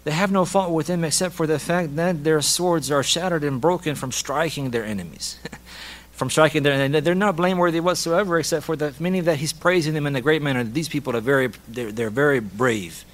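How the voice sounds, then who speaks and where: A man's voice: a little high, a little fast. A man teaching a lesson on a hadith and Arabic rhetoric, repeating key phrases, mixing in Arabic terms and laughing lightly. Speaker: Islamic teacher.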